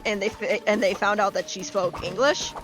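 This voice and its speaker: A woman streaming a game, telling stories in a casual, animated way, acting out quotes and swearing freely. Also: medium pitch, moderate pace, music in the background. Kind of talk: casual gaming chat and storytelling.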